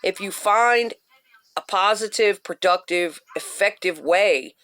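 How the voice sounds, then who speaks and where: A woman with a mid-pitched voice speaks straight to her viewers in a forceful motivational rant. She hammers points home with short repeated commands and casual swearing. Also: takes it slowly. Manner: blunt and profane, punchy repetition. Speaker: vlogger giving self-help advice.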